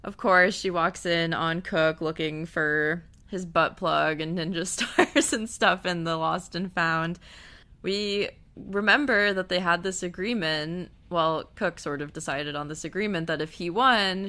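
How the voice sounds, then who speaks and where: A young woman casually recapping a TV episode, gushing and emotional, her voice dropping soft and then rising loud with feeling. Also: lowish voice, measured pace. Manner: gushing, emotional, swings between hushed and loud. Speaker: TV recap vlogger.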